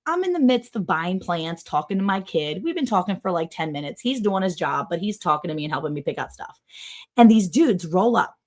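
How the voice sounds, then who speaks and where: A middle-aged woman from Maryland hosting a livestream, telling a long, animated story and acting out other people's voices. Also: on the low side, a little fast. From Maryland, USA. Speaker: livestream host. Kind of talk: casual storytelling chat.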